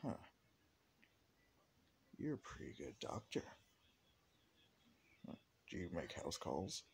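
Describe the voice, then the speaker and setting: A man voicing a ruthless young male fighter who talks in a calm, offhand, mocking way. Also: sits low, slow, creaky, a little hiss or hum, heavily acted. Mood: taunting.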